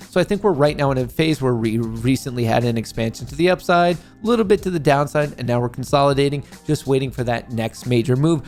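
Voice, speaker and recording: A man's voice: mid-range voice, darkish tone. A man hosting a daily stock market update in a playful, slangy, upbeat way. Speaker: market commentary show host.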